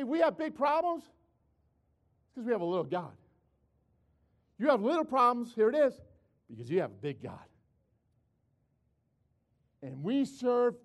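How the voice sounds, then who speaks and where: An older man preaching with a strikingly high voice that leaps up and down. He tells stories animatedly, repeating words as he goes, and calls out to the congregation. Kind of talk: sermon.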